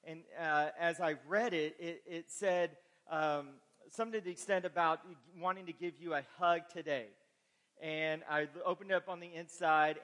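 A man's voice: fairly high pitch, a bit bright. A man preaching a sermon to his congregation after some announcements, folksy and joking in his asides. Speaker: pastor. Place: church sanctuary. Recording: long hall reverb.

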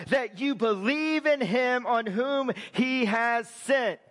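A man preaching a sermon as pastor, building to shouted emphasis. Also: extremely high pitch, takes it slowly.

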